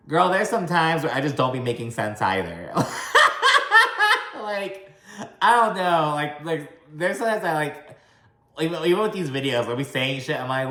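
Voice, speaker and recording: A man recapping a reality show in a casual, profane vlog, talking fast and slurring words together, with a slight country twang. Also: on the high side, fairly bright tone, roomy sound. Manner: chatty, swears often, says "like" a lot.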